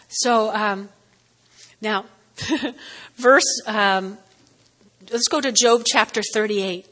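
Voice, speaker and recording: A woman's voice: medium pitch, drawn-out words, pauses often, bright, forceful tone, long reverb tail. A woman preaching a sermon in a chatty, playful way, acting out quotes with rising emphasis.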